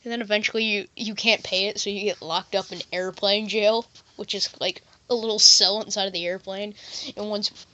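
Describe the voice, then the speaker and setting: A woman's voice: mid-range voice, steady tone, moderate pace, bright, forceful tone, highs cut off. Woman vlogger rambling on about random silly stuff, keeps slipping into goofy voices. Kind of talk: rambling comedy monologue.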